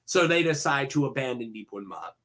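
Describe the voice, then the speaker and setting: A man's voice: medium pitch, big pitch swings, brisk, a bit bright. A man casually retelling fantasy lore for a video, rambling with many fillers and self-corrections and throwing in jokey asides to the viewer.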